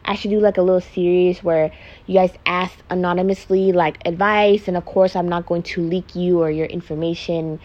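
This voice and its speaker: A woman's voice: fairly low pitch, steady tone, normal speed, muffled recording. A young pregnant woman chatting casually and frankly on her podcast, swearing freely and filling her speech with "like". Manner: frank and profane, heavy use of "like". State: pregnant, emotional. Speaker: vlogger doing a makeup podcast. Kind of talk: casual confessional chat.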